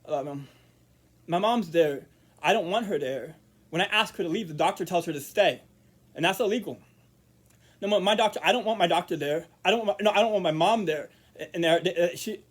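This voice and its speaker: High-voiced rambling young man. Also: a little fast. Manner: rambling, repeats words, restarts often. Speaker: vlogger. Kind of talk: casual monologue to camera.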